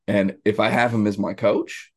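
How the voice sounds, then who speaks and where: A man co-hosting a podcast, chatting casually about sports in a rambling, animated way with many restarts. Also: on the low side, moderate pace, husky. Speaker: podcast co-host.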